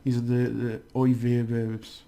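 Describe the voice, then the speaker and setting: Man, casual lesson, mellow voice, rambling with restarts. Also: mid-range voice, completely flat delivery, unhurried, gravelly. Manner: chatty, rambling, many restarts and fillers. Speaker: language teacher.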